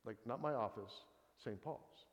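A man's voice: on the low side, unhurried, lo-fi sound. A man in his sixties giving a conversational sermon, telling a personal story in a folksy way. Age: 60s. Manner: folksy, storytelling, frequent "kind of thing" asides. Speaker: preacher. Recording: long reverb of a large hall.

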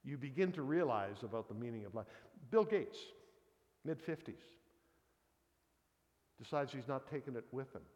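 A man's voice: mid-range voice, animated, normal speed, long pauses, a little mellow. A man in his sixties giving a conversational sermon, telling a personal story in a folksy way. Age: 60s. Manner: folksy, storytelling, frequent "kind of thing" asides. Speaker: preacher. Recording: long reverb of a large hall.

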